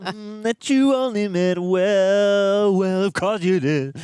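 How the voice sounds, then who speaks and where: A man hosting a movie reaction, chatting casually, laughing often and cracking quick jokes. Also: sits high, a little mellow, a little hiss or hum. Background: movie soundtrack playing.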